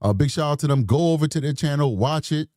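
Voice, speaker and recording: A man's voice: a little high, animated, fast talker, darkish tone, no echo, clean studio sound. A man hosting a true crime show in casual, rambling commentary, chatty with apologetic asides. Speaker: true crime podcast host.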